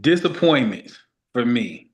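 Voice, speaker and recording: A man's voice: mid-range voice, sing-song, measured pace. A man co-hosting a casual basketball talk show, loose and conversational, repeating his points for emphasis. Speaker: podcast co-host.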